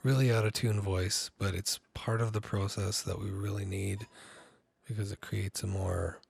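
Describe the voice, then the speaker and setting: Husky low-voiced man explaining software. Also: normal speed. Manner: relaxed, rambling, frequent ums and likes. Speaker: music producer teaching a tutorial. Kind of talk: casual screen-recorded tutorial.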